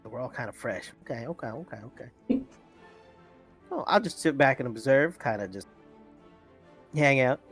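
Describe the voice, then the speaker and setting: A man's voice: medium pitch, expressive, normal speed, pauses often, slightly rough, soft background music. A man playing a tabletop role-playing game, talking in a hesitant, chatty way. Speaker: player. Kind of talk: casual tabletop play.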